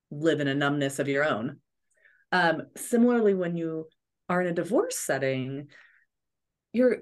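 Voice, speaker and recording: A woman's voice: lowish voice, darkish tone. Earnest woman therapist giving advice. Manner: earnest, coaching, acts out examples. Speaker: therapist guest. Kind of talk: podcast interview advice.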